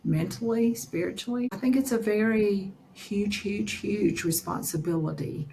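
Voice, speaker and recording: A woman's voice: mid-range voice, normal speed, creaky, dark tone, a little hiss or hum, poor audio. A woman hosting a talk, speaking earnestly with emphatic repetition. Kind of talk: casual talk.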